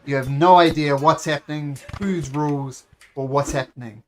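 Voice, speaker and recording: A man's voice: fairly high pitch, fairly even intonation, slight background noise. A man running a tabletop game as game master, narrating scenes with frequent fillers and restarts. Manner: descriptive, halting with fillers and restarts.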